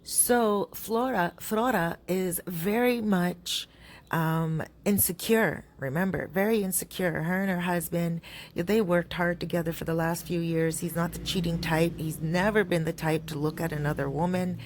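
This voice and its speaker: A woman's voice: on the low side, fairly even intonation, normal speed. A woman telling a gossipy story in a casual, chatty way, often stopping to correct herself and filling gaps with "um" and "like". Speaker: storyteller vlogger.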